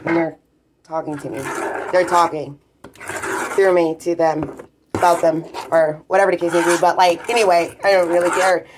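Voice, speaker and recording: A woman's voice: lowish voice, fairly even intonation, moderate pace. A woman ranting bluntly and profanely in a rambling, off-the-cuff vlog. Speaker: vlogger. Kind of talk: profane rambling rant to camera. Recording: noisy recording with clicks.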